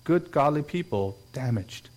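A man's voice: on the high side, animated, a little slow, a little mellow. A man preaching a sermon in an earnest way, now and then acting out quoted voices. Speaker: pastor.

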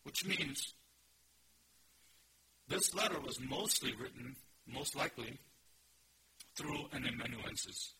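A man's voice: animated, slow, pauses often, bright, forceful tone. Emphatic preacher man, noisy recording. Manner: emphatic, with sudden rises in pitch and volume. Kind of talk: expository sermon.

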